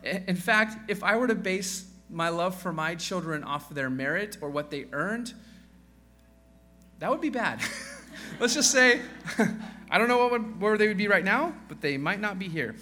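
Male pastor with a fairly high, bright voice, preaching casually with self-deprecating humor. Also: lively intonation, measured pace, soft background music. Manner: conversational, acts out quoted voices; self-deprecating joking asides. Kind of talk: sermon.

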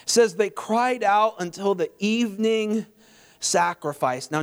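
A man preaching a sermon, animated, with mocking humorous asides. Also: high voice. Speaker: pastor.

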